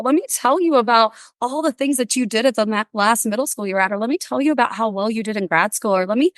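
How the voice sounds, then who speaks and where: A woman, a counselor and podcast guest, telling lively stories in a casual interview and acting out what she and others said. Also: a little high, fast talker, hardly any pauses, dry recording. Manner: animated storyteller, acts out quotes.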